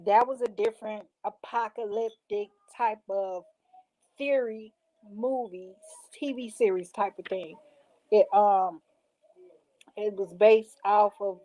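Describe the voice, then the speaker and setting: A woman's voice: mid-range voice, darkish tone, low-quality recording. A woman in casual vlog chat, reading out show titles and reacting with slangy asides. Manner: chatty, reads titles aloud, slangy asides. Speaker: vlogger reacting to show picks.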